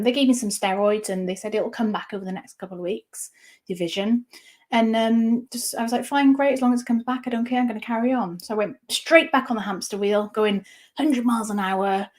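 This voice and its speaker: A woman in her thirties, an interview guest candidly telling a personal story, halting with frequent restarts. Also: medium pitch.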